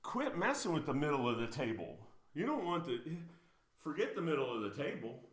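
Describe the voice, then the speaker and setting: A man's voice: fairly high pitch, sing-song, a little fast. A man giving blunt, emphatic coaching commentary on table tennis videos, getting worked up as he corrects a player. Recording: roomy echo.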